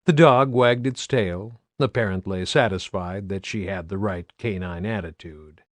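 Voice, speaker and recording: A man reading an audiobook as narrator with an even, steady delivery. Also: deep voice, a little slow, no room sound, studio quality. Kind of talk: scripted narration.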